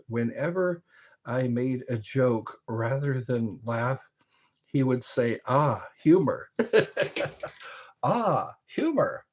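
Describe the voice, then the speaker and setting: A man hosting a livestream, chatting casually with viewers in a rambling way and chuckling often. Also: medium pitch. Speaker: livestream host. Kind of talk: casual chat answering viewer comments.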